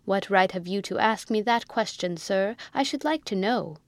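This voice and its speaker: A woman narrating an audiobook takes on a proud, hot-tempered young male army lieutenant who quickly flares into fierce, indignant shouting, his lines slightly higher and louder than the narration. It's recorded close and dry with no room sound, close to an everyday voice.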